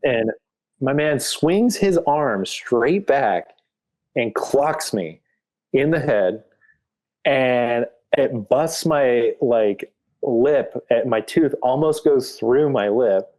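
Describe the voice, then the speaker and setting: A man's voice: medium pitch, expressive, drawn-out words, a little mellow. Rambling casual male podcast guest. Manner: rambling, heavy on filler "like". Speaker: podcast guest, graphic artist. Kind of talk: casual storytelling in an interview.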